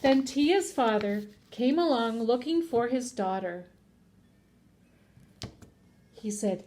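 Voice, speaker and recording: A woman's voice: a little high, slow, pauses often. A woman teacher reading a children's picture book aloud, acting out the characters and asking her listeners questions. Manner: expressive, acts out voices, asks listeners questions. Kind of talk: children's storybook read-aloud.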